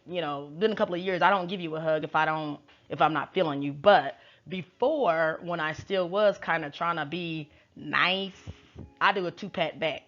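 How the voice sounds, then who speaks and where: A woman tarot reader recaps in casual chat, chatty, slangy and wry. Her voice sits low and is a bit bright, at a moderate pace, on a dull lo-fi recording.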